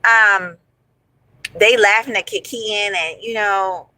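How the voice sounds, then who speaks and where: A woman in her forties telling a story from her past in a casual, animated, profane way, calling her listeners honey and y'all. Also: mid-range voice, slow pace, rough recording. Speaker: storyteller host.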